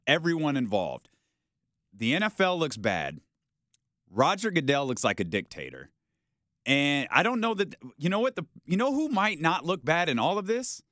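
A man hosting a sports talk show, arguing his point in a casual, animated way and acting out how people might react. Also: on the high side, normal speed, dry recording, studio quality. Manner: animated, argumentative, acts out quoted reactions.

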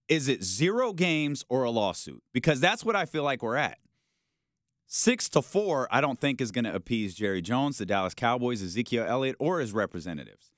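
Animated man arguing on sports talk. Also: mid-range voice, no echo, clean studio sound. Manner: animated, argumentative, acts out quoted reactions. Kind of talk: casual sports talk debate.

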